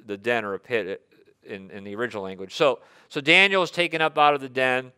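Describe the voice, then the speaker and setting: A man's voice: medium pitch, pushed and bright, smooth. A man preaching a sermon, reading scripture aloud and acting out the voices he quotes, often repeating words as he searches for the next one. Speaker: pastor.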